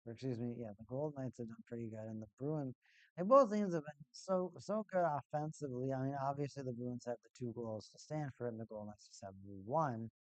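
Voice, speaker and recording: A man's voice: mid-range voice, fairly quick, dry recording. Laid-back man with a dry, close voice. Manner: rambling, laid-back, repeats himself. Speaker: live-stream host. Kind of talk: casual hockey watch-party chat. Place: at home, in a cold room.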